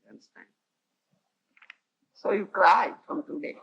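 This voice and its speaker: A man's voice: high voice, unhurried, gravelly, breathy edge, dull audio. A man with an Odia accent giving a devotional lecture, often laughing and asking his listeners whether they understand, on an old tape recording. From India. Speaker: spiritual teacher.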